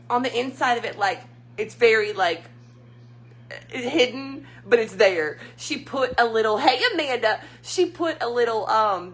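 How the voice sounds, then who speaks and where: A woman hosts a casual livestream, chatting with viewers and telling stories with frequent laughter. Her voice is on the high side and fairly bright.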